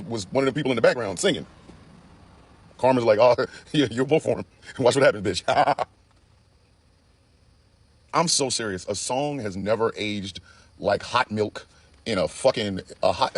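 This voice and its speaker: A man giving casual, profane commentary in an animated way, with laughing asides. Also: mid-range voice, breathy edge, no room sound.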